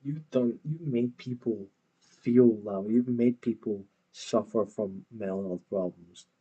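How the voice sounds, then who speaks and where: A man's voice: medium pitch, a little slow, mellow, breathy edge, dull audio. A man hosting a reaction video, talking back at a clip with scornful, swearing commentary.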